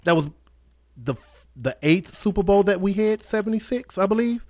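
A man's voice: sits high, animated, moderate pace, darkish tone. A man co-hosting a talk radio show, speaking casually with many hesitations. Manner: hesitant, lots of "uh" while recalling.

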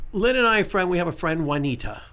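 A man hosting a casual radio talk show, who repeats key points and slows right down to spell out numbers. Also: sits high, animated, a bit bright.

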